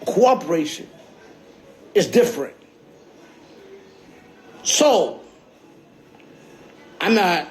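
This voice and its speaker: A man telling a story on a phone livestream, rambling and profane, and often checking in with his listeners. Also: fairly high pitch. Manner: profane, streetwise, keeps checking in with "you heard?".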